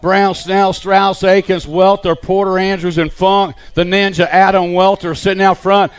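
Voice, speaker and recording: A man giving live BMX race commentary, calling riders and positions in an excited play-by-play. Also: high-pitched, moderate pace, clear, resonant tone. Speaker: race announcer.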